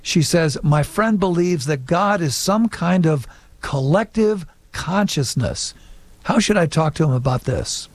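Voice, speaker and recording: A man hosting a radio call-in show, reading emails and wrapping up with a friendly, brisk announcer delivery. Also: fairly high pitch, animated, no room sound.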